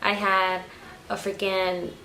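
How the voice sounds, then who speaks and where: A woman's voice: medium pitch, takes it slowly. A young woman vlogger casually recounting a story, swearing freely and acting out quotes, recorded on a camera mic at home. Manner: swears freely, animated retelling with acted quotes. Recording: echoey room, faint background noise.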